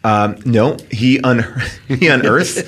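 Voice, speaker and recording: A man's voice: medium pitch, slow, fairly bright tone, a little hiss or hum. A man co-hosting a casual podcast, reading out facts and quizzing the others playfully. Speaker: podcast co-host. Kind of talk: casual chat.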